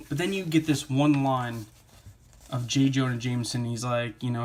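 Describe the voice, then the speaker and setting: A man's voice: mid-range voice, moderate pace, long pauses. A man giving a casual spoken comic book review, rambling with lots of fillers like "uh" and "you know".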